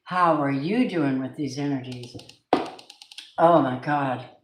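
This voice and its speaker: A woman's voice: a bass voice, takes it slowly, roomy sound, heavy background noise. A woman doing a live tarot reading, gushing over her viewers and swearing now and then. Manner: effusive, gushing address to viewers, occasional swearing. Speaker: tarot reader.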